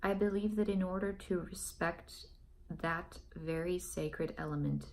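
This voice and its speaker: A woman vlogger giving an earnest opinion monologue, stressing and repeating her key points and pausing to find her words. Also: lowish voice, gravelly, a little hiss or hum. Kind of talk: personal opinion monologue to camera.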